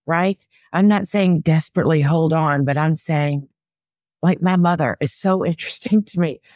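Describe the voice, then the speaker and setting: A personal stylist, she chats through a conversational interview, explaining practical style advice in a down-to-earth manner. Her low, dark voice comes through at studio quality with no echo.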